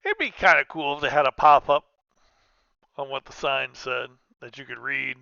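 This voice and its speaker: A man's voice: medium pitch, moderate pace, creaky, pushed and bright, clear, resonant tone, dry recording, dull audio. A man giving casual commentary while playing a trucking game, rambling and cutting himself off with restarts. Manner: rambling, self-interrupting, chatty. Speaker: gaming streamer.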